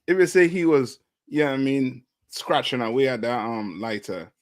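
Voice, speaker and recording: A man's voice: mid-range voice, expressive, normal speed, no echo. A man on a talk show panel, speaking emphatically and repeating "you know what I mean" as he makes his points. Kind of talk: casual opinionated chat.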